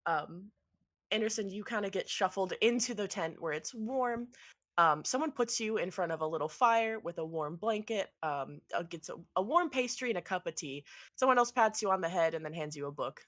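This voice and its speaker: A woman's voice: mid-range voice, lively intonation, moderate pace, fairly bright tone. A woman narrating as game master in a tabletop game, with many ums as she meanders through descriptions.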